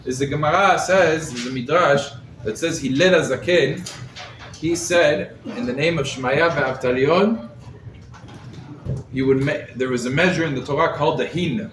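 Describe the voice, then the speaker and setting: A man, a rabbi, giving a lively Torah class to a live group, quizzing his listeners and using Hebrew terms, recorded from across the room. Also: a little high, normal speed. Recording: roomy echo, mic set far off, faint background noise.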